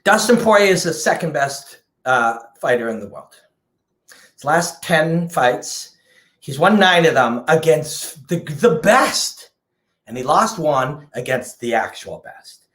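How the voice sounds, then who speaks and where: Male fight-sports host, emphatic and profane, off-the-cuff rant; slightly high voice, echoey room. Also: very animated, slow, a bit bright. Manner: passionate, emphatic, swears freely. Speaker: combat sports analyst and host. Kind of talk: unscripted passionate rant to camera.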